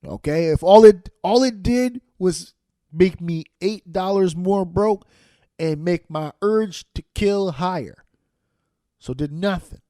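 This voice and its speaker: A man hosting a podcast, telling a loud, angry, profane comic rant into a studio microphone. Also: high voice, takes it slowly, dry recording. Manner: loud, angry, swearing storyteller. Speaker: podcast host.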